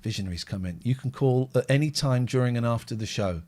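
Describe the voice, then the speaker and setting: A man hosting a phone-in show in casual chat, rambling and excitable, swinging between loud outbursts and quiet musing. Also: mid-range voice, fast talker.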